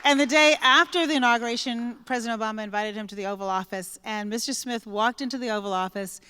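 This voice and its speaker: Woman, guest author, onstage conversation, anecdotal storyteller, smooth clear voice. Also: on the high side, quick pace, long reverb tail. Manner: lively anecdotal storyteller who acts out quoted speech.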